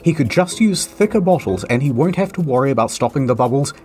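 A man's voice: expressive, fast talker, mellow, slightly rough, faint music behind. A man telling a comedic history story with playful, dramatic timing. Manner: dramatic, playful timing with big pitch swings. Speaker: host.

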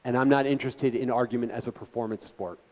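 A man's voice: medium pitch, fairly even intonation, quick pace, a little mellow. A man giving an earnest, conversational talk to a community gathering, speaking directly to the audience as a guest speaker. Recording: long reverb of a hall.

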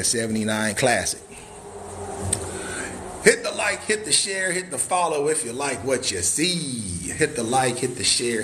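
Man, cabin sales livestream, hyped showman, whooping, lively pitch, bright tone. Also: a little hiss or hum. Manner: hyped, catchphrase-heavy showman; whooping and drawling "baby" asides. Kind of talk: live walkthrough sales stream.

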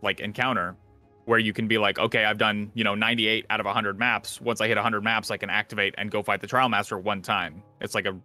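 A man hosting a casual gaming podcast, rambling and animated, swearing casually. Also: on the low side, fast talker, soft background music. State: out of breath. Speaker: podcast host.

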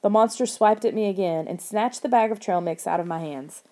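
A woman reads a spooky children's book aloud, steady and expressive. Her voice is mellow and warm, pitched in a middle range for a woman. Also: brisk. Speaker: audiobook narrator. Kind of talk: scripted first-person narration of a children's horror book.

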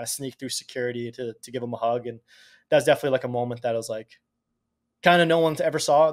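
A man in his thirties from Canada, a podcast guest telling stories in casual chat, animated and cursing freely. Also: medium pitch. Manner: animated, swears casually, acts out quotes. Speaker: podcast guest, Olympic speed skater. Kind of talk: casual storytelling.

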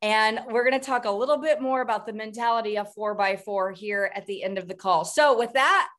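A middle-aged woman hosts a motivational group coaching call. Her voice sits high, and her talk is upbeat and rambling, breaking into quick bursts. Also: a bit bright.

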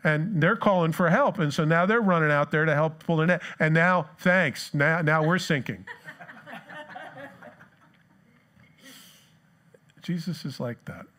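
Man, pastor, sermon in church, fairly high voice, animated storyteller. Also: slow, pauses often, a little hiss or hum.

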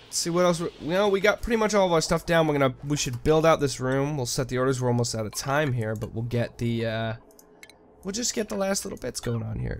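A man giving casual, animated gameplay commentary, swearing freely and swinging between goofy outbursts and quiet mumbles. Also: mid-range voice, normal speed. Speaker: let's play gamer.

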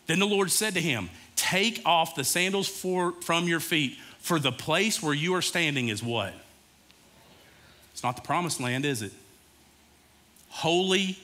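A man's voice: a little high, sharp tone. A male pastor preaching a sermon in a casual, conversational way, talking directly to his congregation.

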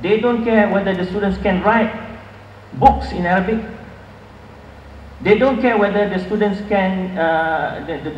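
Male conference speaker, high pitch, dull lo-fi hall recording. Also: a little hiss or hum. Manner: earnest, emphatic, with filler restarts. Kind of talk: academic lecture. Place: large lecture hall. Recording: echoey hall, far from mic, dull.

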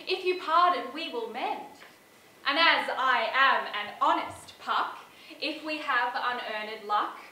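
An actress playing the mischievous fairy Puck on stage, speaking verse slowly and deliberately. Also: female voice, a little high, sharp tone. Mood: gentle. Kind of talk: stage play performance. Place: theatre stage. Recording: roomy stage sound from far off.

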